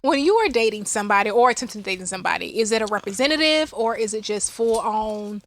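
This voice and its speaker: A woman co-hosting a podcast outdoors, chatting casually in an animated way, laughing and swearing freely. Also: mid-range voice, fast. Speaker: podcast co-host. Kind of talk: casual chat.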